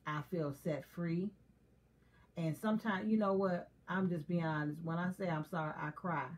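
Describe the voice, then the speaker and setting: A woman's voice: fairly low pitch, normal speed. Candid woman in casual chat. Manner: candid, confessional, laughs often. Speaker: co-host.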